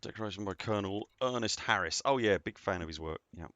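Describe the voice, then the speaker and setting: Very deep-voiced man streaming. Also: fast, a bit bright, no room sound, dull audio. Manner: chatty, rambling, answers viewer comments. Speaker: game streamer. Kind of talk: casual live-stream chat.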